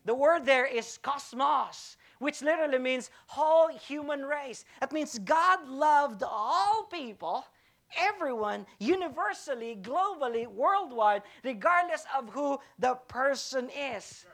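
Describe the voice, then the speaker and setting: A woman's voice: sits high, animated, slow pace, a bit bright. A woman pastor preaching a sermon to her church, emphatic and repetitive, asking the congregation rhetorical questions.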